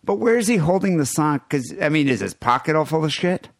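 A man's voice: a little high, gravelly, dry recording, studio quality. A man co-hosting a comedy podcast, reacting and firing off questions in casual, crude chat. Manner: animated, quick reactions and questions. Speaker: podcast co-host.

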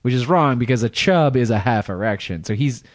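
A man's voice: mid-range voice, animated, a little fast, dry recording. A man co-hosting a comedy podcast, reading out news stories in casual chat and laughing often between crude jokes. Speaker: podcast co-host.

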